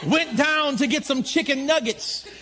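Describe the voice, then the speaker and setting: A man preaching a sermon to a congregation, shouting and telling a story with emphasis. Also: extremely high pitch, unhurried. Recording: live church crowd audible.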